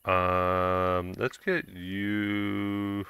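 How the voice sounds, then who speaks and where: A man's voice: sits low, monotone, drawn-out words, bright, forceful tone, clean tone, no echo. A young man chatting casually while streaming a game, rambling through a story with lots of fillers and restarts.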